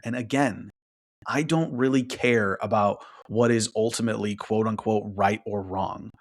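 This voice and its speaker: A man hosting a relationship podcast who talks through his point in a casual monologue, tags many sentences with "right?", and acts out other people's thoughts. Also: moderate pace. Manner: conversational, keeps adding "right?"; acts out quoted thoughts in a higher voice.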